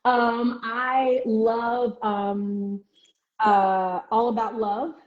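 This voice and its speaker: A woman author chatting casually in an interview, full of ums and restarts. She often acts out other people's reactions in a high, excited voice. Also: drawn-out words. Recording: echoey, dull lo-fi call audio.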